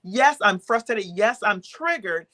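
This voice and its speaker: A woman's voice: medium pitch, lively intonation, measured pace, bright, forceful tone. A woman with a mid-range voice, speaking firmly on a podcast. She builds her argument point by point and asks rhetorical questions. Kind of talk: casual chat.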